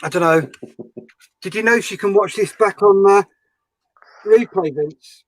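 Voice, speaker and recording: A man's voice: sits high, a little slow, no room sound, poor audio. A man hosting a model-building livestream, bantering and teasing his friends on a group call. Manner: teasing, jokey.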